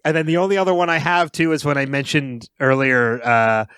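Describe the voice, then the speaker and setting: A man's voice: a little high, steady tone, fairly quick, a bit bright, smooth, dry recording, clean studio sound. A man co-hosting a podcast in casual chat. He rambles, keeps restarting his sentences and laughs at his own retellings. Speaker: podcast co-host.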